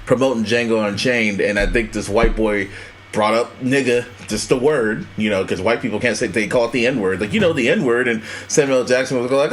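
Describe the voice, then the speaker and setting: Male podcast co-host, loose profane banter, acts out quotes, mid-pitched. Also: quick pace. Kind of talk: casual chat.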